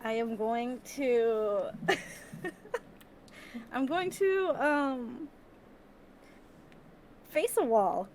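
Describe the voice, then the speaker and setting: High, slow-talking woman player, hesitant and giggly. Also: animated, a little mellow, a little hiss or hum. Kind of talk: tabletop game play.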